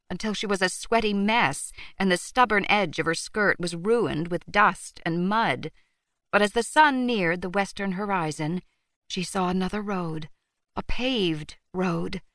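A woman reading a novel aloud as audiobook narrator, in a steady, measured storytelling manner. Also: mid-range voice, no room sound. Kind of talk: scripted narration.

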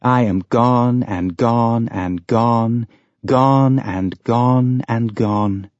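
Mindless station entity, played by a male narrator: babbling, repetitive, pitched up, slow chant, lo-fi dry recording. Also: breathy edge, no echo. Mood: taunting. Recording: dull lo-fi recording.

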